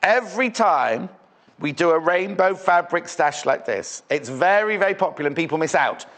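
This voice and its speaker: High-voiced man selling on TV. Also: expressive, moderate pace, a bit bright. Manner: chatty, rambling sales patter. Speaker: shopping channel presenter. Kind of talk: live TV sales chat. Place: TV studio.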